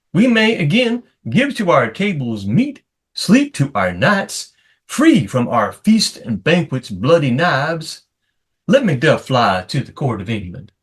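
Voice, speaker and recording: A man's voice: on the high side, husky, heavily acted. A man with a Southern US accent playing an earnest lord delivering grave news solemnly in an amateur stage-play reading.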